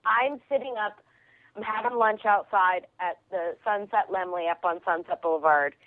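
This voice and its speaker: A woman comedian telling an animated story as a radio guest, acting out the people in it. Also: mid-range voice, moderate pace, no echo. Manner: excitable, quotes people in her stories. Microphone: phone call. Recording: tinny phone line.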